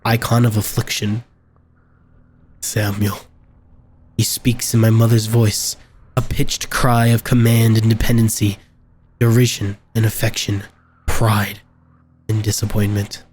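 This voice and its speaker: A man reading a horror game aloud, with quiet reactions between passages, over game music. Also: fairly low pitch, a little hiss or hum. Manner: slow, flat narration with quiet reactions. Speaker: gameplay video host.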